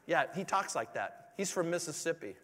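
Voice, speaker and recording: A man's voice: on the high side, very animated, normal speed, a bit bright. A man preaching a sermon as a pastor, earnest and pleading, with many rhetorical questions. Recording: long hall reverb.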